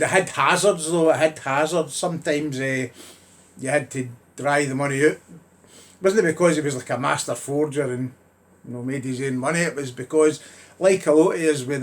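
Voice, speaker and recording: A man telling sweary comic stories to his own camera at home, acting out the voices of the people in them. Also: mid-range voice. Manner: storytelling, sweary, acts out voices in quotes. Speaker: comedian. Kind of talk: stand-up monologue to camera.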